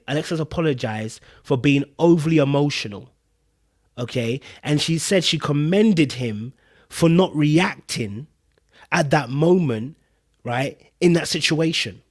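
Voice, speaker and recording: A man's voice: fairly high pitch, animated, normal speed. Emphatic man hosting a live reaction stream. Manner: emphatic, repetitive, addresses viewers and chat directly. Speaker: podcast host reacting to a reality show. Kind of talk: casual live commentary.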